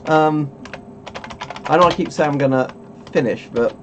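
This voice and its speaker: A man's voice: a little high, moderate pace, lo-fi sound, a little hiss or hum. A man hosting a casual webcam stream, rambling and chuckling as he keeps interrupting himself. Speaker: streamer host.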